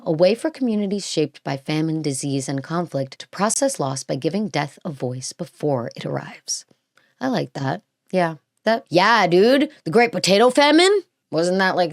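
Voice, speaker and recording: Reading and reacting to a script in casual fashion, this podcast host drifts into gushing, filler-heavy side chatter. She has a deep voice, recorded as clean studio sound with no room sound.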